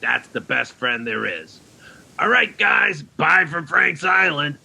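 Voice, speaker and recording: Slow and animated, a man performs in full character voice as Frank, a children's program figure stranded on an island, cheerful yet lonely, who buddies up to kids and says "yous." The voice is on the high side, gravelly, rough and bright, in a kids' ministry skit monologue.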